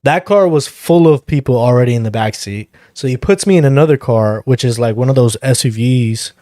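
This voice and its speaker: A young man with a dark, mellow voice spins a casual podcast story, relaxed and loose, cursing freely and chuckling along. The recording is dry and close, with no room sound around him. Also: medium pitch, a little fast, dry recording. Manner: laid-back, swears freely, chuckles through the story. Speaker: podcast host.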